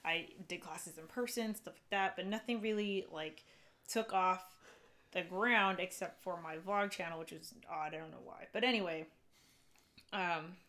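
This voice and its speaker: Young woman vlogger, slightly low voice, loose rambling live-stream chat. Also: moderate pace, fairly bright tone. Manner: chatty, rambling with fillers and restarts.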